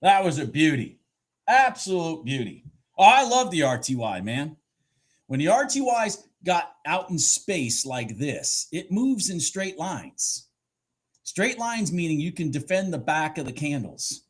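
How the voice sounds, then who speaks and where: A husky-voiced man talks through his trades live from his desk, his pitch swinging widely as he gets excited. He swears casually and mutters to himself between remarks to viewers. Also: a little slow. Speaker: futures trader streaming live. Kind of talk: live trading commentary.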